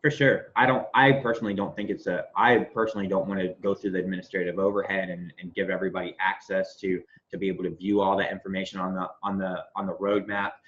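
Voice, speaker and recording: A man's voice: sits low, quick pace, few pauses, muffled recording. Profane, rambling man telling stories on a call. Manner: profane, rambling, animated storytelling. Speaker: host of a members' business call. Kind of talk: casual business call, storytelling.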